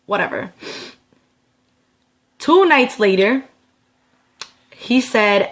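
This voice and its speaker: A woman's voice: mid-range voice, normal speed, fairly bright tone. Emphatic, profane young woman vlogger. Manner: emphatic, profane, keeps checking in with "okay?". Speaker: beauty vlogger. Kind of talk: storytelling vlog.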